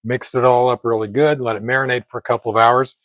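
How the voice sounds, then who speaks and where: A man's voice: medium pitch, little pitch movement, a bit bright, dry recording. Older male vlogger, mid-range voice, rambling casual delivery, dry recording. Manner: chatty and meandering, with frequent pauses and self-corrections. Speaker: fitness vlogger cooking at a grill. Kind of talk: casual talk to camera. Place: outdoors at a backyard grill.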